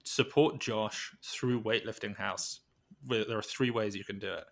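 A man speaking as a guest on an interview podcast, thoughtful and halting, with many restarts and fillers. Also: on the low side, steady tone, fairly bright tone. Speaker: podcast guest, weightlifting coach. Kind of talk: reflective conversational interview.

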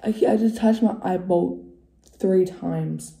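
Joking vlogger woman, gravelly and mellow. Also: on the low side, slow pace. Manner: chatty and joking, often dropping to a whisper. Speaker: beauty vlogger. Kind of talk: casual makeup tutorial chat. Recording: echoey room.

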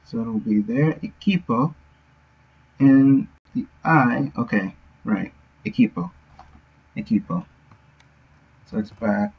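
A man's voice: mid-range voice, lively intonation, a little slow, creaky, slightly rough. A man streaming his game development work, thinking aloud and sounding out words as he goes. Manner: muttering to himself, sounding out words. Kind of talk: thinking aloud while working. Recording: dull lo-fi audio.

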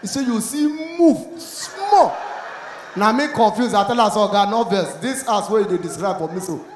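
A man with a Nigerian accent performing stand-up, acting out both sides of a story in Pidgin and rising to shouts at the punchlines. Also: high voice, quick pace. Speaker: stand-up comedian. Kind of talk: stand-up comedy routine. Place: comedy club stage with a live audience. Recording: echoey live venue, faint crowd noise.

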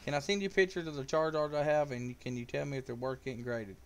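A man's voice: mid-range voice, steady tone, fast talker. A man giving casual live gameplay commentary, joking with viewers and calling out their names. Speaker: live streamer.

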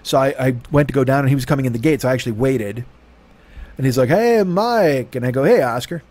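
A man's voice: medium pitch, fairly even intonation, rapid-fire, darkish tone. A man hosting a podcast from his home desk, telling a rambling comic story full of swearing. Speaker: podcast host. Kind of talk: profane comic monologue.

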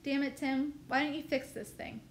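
A woman's voice: sits high, fairly even intonation, normal speed, a little hiss or hum, natural voice. Woman reading a cocky older brother. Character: older brother, young man, proud and cocky. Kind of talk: reading a novel aloud.

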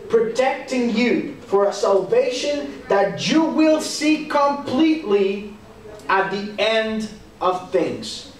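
A young man with a Texan accent leads a youth sermon in a casual, animated way, acting out little quotes. His voice sits high. It echoes around a church hall, heard from some distance. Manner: animated, conversational, acts out quotes. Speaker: youth pastor. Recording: echoey hall, speaker off-mic. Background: audience answering now and then.

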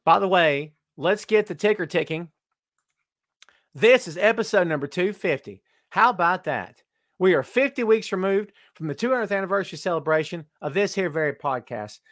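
A man's voice: high-pitched, lively intonation, normal speed, fairly bright tone, dry recording, clean studio sound. A middle-aged man hosting a live-streamed wrestling podcast, joking and teasing as he greets viewers by name. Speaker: podcast host. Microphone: webcam live stream.

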